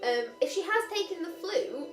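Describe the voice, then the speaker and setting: Woman, tabletop player, giggly, very high, lively pitch. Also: normal speed. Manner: giggly, excitable. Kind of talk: casual tabletop play. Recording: roomy with music behind.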